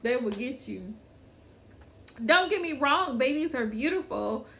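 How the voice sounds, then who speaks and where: Chatty high-voiced woman, unhurried. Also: gravelly, a little hiss or hum. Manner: chatty, animated, laughs often, repeats phrases; talks to viewers by name. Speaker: livestream host. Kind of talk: casual chat with live viewers.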